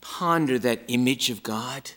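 A man preaching a sermon, emphatic and dramatic, moving from loud exclamations down to hushed near-whispers. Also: mid-range voice, unhurried.

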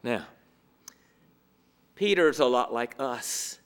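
A man preaching a sermon, asking rhetorical questions and swinging between emphatic and hushed delivery. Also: mid-range voice, animated, slow pace, clean tone.

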